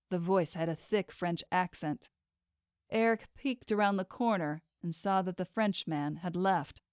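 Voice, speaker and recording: A woman narrating a romance novel audiobook in a steady, measured way into a close studio mic. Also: on the low side, clear, resonant tone, no echo. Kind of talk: scripted narration.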